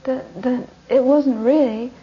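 A woman's voice: high-pitched, steady tone, slow. A woman whispering as a guilty son, whispered role-play. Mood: anxious. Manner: hushed anxious whisper. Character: remorseful young man, a forgetful son. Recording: dull lo-fi recording with faint hiss.

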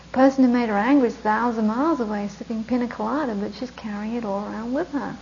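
A woman's voice: fairly high pitch, vocal fry, mellow, muffled recording, a little hiss or hum. A woman teaching Buddhist meditation in an informal dharma talk, chatting conversationally, laughing often and asking rhetorical questions.

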